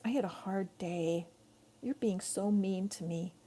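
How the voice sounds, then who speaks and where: A woman voicing a tired, hurt yellow flower that pleads for kindness. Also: mid-range voice, measured pace, close to an everyday voice.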